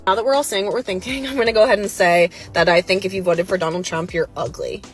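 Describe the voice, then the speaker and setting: A woman's voice: medium pitch, steady tone, quick pace, faint music behind. A woman speaking spitefully and laughing as she insults people.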